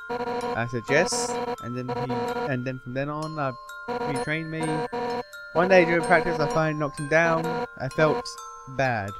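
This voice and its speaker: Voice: medium pitch, lively intonation, a little slow, lightly acted. Fierce fish warrior lady as a gamer reads her, bouncy voice, music playing under it. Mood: reading. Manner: reads game text aloud in a plain voice. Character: fierce hot-headed fish warrior woman. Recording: game music playing behind.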